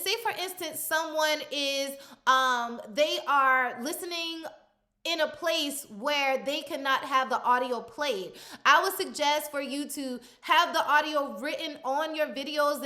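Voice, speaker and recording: Bright high-voiced woman coaching casually. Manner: chatty, step-by-step instruction with frequent fillers. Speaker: content coach. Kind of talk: screen-recorded software tutorial.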